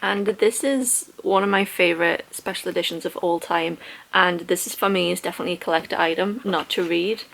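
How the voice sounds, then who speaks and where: A woman's voice: lowish voice, fairly quick, gravelly, fairly bright tone, slight background noise. Woman vlogger, casual and self-deprecating book review talk. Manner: chatty, self-deprecating, laughs often.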